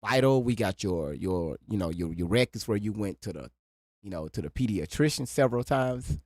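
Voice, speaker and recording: A man hosting a casual live stream, talking loudly and bluntly and swearing freely. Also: lowish voice, animated, moderate pace, no echo, clean studio sound.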